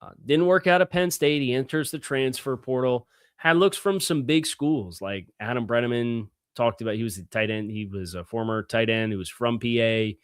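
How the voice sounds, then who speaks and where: A man's voice: mid-range voice, moderate pace, few pauses, clear, resonant tone, dry recording, clean studio sound. A man hosting a sports podcast, talking through player stats in a loose, conversational way and also reading ads. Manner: conversational, fillers and restarts, stresses key words. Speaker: podcast host. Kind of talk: sports analysis podcast with host-read ads.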